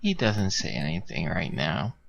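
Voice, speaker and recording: A man narrating a tabletop game as game master, unhurried, with frequent fillers. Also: low voice, very animated, gravelly, fairly bright tone, slight background noise.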